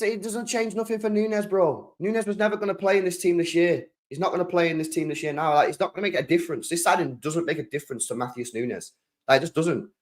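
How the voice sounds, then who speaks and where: A young British man hosting a football channel, chatting casually and excitably on a live stream, full of slang and repeating himself. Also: sits high. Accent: British English.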